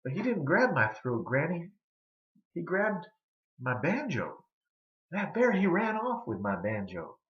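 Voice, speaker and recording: A man's voice: a little high, very animated, a little slow, pauses often. Dude playing shaky old hillbilly guy, drawly, echoey room. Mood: shaken. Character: shaken old backwoods man, Uncle Ike. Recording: roomy, slightly dull recording.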